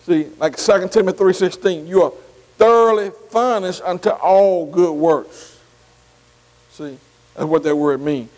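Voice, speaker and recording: A man's voice: sits high, unhurried, darkish tone, in a large hall, rough recording. A man teaching a Bible study class. He spells Greek words out letter by letter, keeps saying "see" between phrases and keeps asking the class if they follow.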